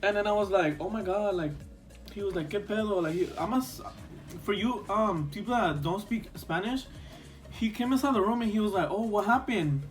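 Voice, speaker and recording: A man's voice: high voice, moderate pace, faint music behind. A young man telling a storytime vlog story in casual chat, rambling with lots of fillers and a few Spanish words. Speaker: vlogger.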